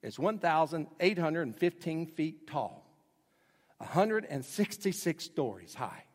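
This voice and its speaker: Pastor guy preaching, kinda high voice, big hall echo, gets loud then goes real quiet. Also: sing-song, unhurried. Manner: dramatic, swings from loud to hushed. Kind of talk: sermon.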